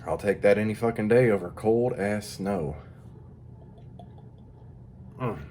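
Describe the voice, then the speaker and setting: Profane, rambling low-voiced man. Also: slow pace, dark tone, a little hiss or hum. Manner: profane, rambling, mock-tough. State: tired. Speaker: vlogger. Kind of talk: crude casual monologue.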